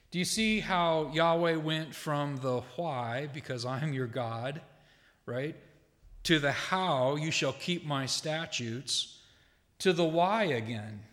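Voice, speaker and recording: A man preaching to his congregation, unhurried and deliberate, leaning hard on the lines he quotes. His voice sits a little high for a man, and it rings out with the long reverb of a church sanctuary. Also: fairly bright tone. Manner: measured, slow delivery with emphatic quoted lines; conversational asides to the congregation. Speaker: pastor. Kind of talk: sermon.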